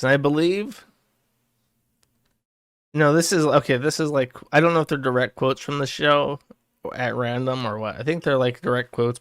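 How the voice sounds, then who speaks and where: A man's voice: medium pitch, fairly bright tone, clear, resonant tone, dry recording, studio quality. A man streaming, reading aloud and commenting in a rambling, crude way with chuckling asides.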